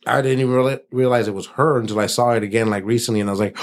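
A man's voice: medium pitch, steady tone, very fast. Blunt, profane man bantering. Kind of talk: crude casual chat.

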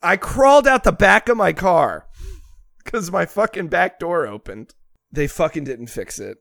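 A man co-hosting a podcast, telling a story in a casual, animated way with plenty of swearing. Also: high voice, unhurried, vocal fry, no room sound, clean studio sound. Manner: animated, profane storyteller with swinging loudness. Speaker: podcast co-host.

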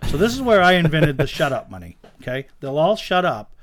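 A man, a guest telling lively stories about owning race cars in a casual chat, acting out the voices of the people in them. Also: on the high side, brisk, dry recording. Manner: animated anecdote teller, acts out quoted dialogue. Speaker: guest, race car owner. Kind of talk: casual storytelling in a podcast chat.

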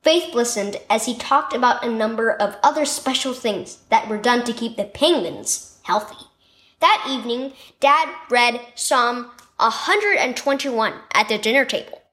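A woman's voice: on the high side, lively intonation, a little slow, a bit bright. A woman reading a children's daily devotional story, telling it expressively. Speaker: devotional reader.

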